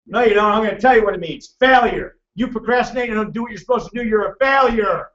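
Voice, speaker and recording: A man presenting a financial seminar to a live audience, loud, emphatic and hectoring as he teases the crowd. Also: high voice, fast, hardly any pauses, a little hiss or hum. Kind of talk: motivational seminar lecture. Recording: echoey, distant, dull room recording.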